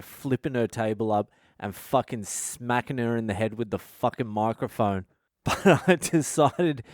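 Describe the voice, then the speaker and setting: A man's voice: mid-range voice, darkish tone, no room sound, studio quality. A man hosting his own podcast, telling a rowdy story in a blunt, foul-mouthed rant. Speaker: podcast host. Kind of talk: casual storytelling monologue.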